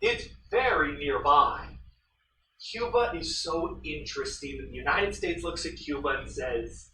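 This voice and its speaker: Speaking a little slowly in a fairly high voice, a high school history teacher animatedly tells stories to his class, performing the voices he quotes. He's recorded from a distance in an echoey room with background noise.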